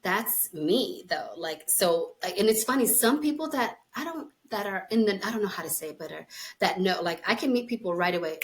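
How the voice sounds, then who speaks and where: A woman in her forties tells a personal story in a relaxed, chatty way, with a slight East Coast accent. Her voice sits at a middle pitch. She laughs easily and slips into other people's voices as she talks. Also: normal speed. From New Jersey, USA. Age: 40s. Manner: animated, laughs often, acts out voices in her stories. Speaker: podcast host. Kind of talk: casual storytelling chat.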